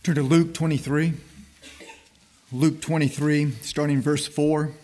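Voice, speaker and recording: A man with a husky voice reading scripture aloud in church, slow and emphatic. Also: fairly high pitch, level tone, a little mellow. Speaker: scripture reader.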